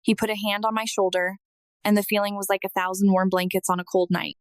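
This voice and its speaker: Woman, 30s, mid-pitched, dry close recording; earnest scripted testimony narration. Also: level tone, fast talker, dry recording, poor audio. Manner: earnest, heartfelt storytelling.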